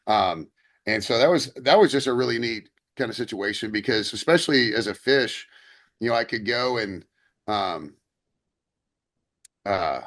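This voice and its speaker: A man's voice: on the low side, unhurried, pauses often, fairly bright tone. A young man co-hosting a podcast, telling stories in a rambling casual way with many fillers and restarts. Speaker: podcast co-host. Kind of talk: casual chat.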